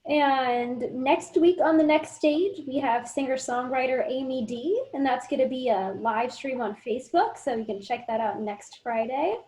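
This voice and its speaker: A woman's voice: high-pitched, normal speed, hardly any pauses, darkish tone. A woman hosting a theater talk show over a video call, upbeat as she thanks guests and reads notices. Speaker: host. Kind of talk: show announcements.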